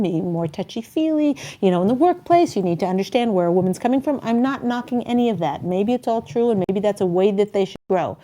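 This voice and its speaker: A woman hosting a talk show, giving relationship advice in a chatty, animated way and loudly acting out the people she quotes. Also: medium pitch.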